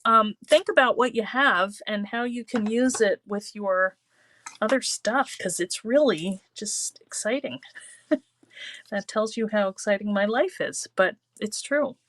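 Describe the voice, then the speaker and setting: A woman's voice: a little high, slow pace, a bit bright, dry recording. A woman hosting a live crafting show. She chats casually and rambles, laughs often, and leans on "you know" while reading viewer comments. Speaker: host of a live craft stream.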